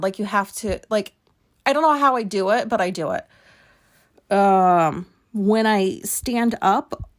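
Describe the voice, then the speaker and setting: A woman hosting a podcast, telling personal stories in a rambling, candid way, swearing freely and laughing at herself. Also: medium pitch. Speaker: podcast host. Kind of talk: casual personal storytelling.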